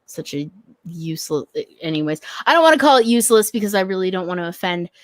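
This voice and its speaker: A woman's voice: fairly low pitch, lively intonation, fast talker, dry recording, clean studio sound. A woman guest on a podcast, talking casually with frequent swearing and self-mocking asides. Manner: laughing, profane, self-deprecating. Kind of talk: casual chat.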